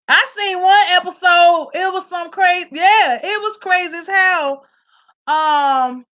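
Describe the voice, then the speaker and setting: Woman, high voice, animated, profane, laughs often, casual comedic vlog commentary. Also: a little slow, muffled recording. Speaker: vlogger.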